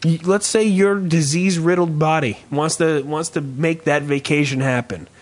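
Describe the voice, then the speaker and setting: A man hosting a podcast in casual chat, rambling and swearing freely while riffing with dark humor. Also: on the high side, fairly even intonation, moderate pace. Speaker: podcast host.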